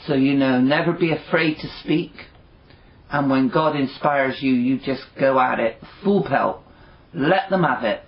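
A fellowship member offers encouragement in a rambling, earnest devotional talk full of fillers. His voice is mid-range and unhurried, and the recording sounds dull and lo-fi.

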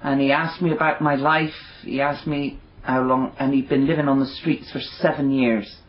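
A man's voice: medium pitch, little pitch movement, normal speed. A man sharing an earnest, informal devotional talk with his fellowship, rambling with many fillers. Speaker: fellowship member sharing encouragement. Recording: dull lo-fi recording.

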